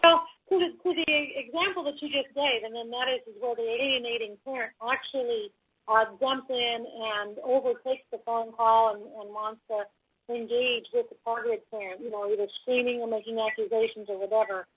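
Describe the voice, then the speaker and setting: A woman talks through practical advice in a calm, instructive manner. Her voice sits a little high and comes out breathy and husky. The recording is dull and lo-fi. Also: normal speed. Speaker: podcast co-host. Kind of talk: advice talk. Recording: dull lo-fi audio.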